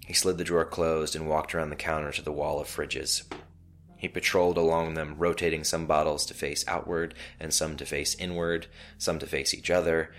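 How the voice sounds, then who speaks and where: Very deep male storyteller. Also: little pitch movement, normal speed, a bit bright. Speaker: narrator. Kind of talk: scripted story narration.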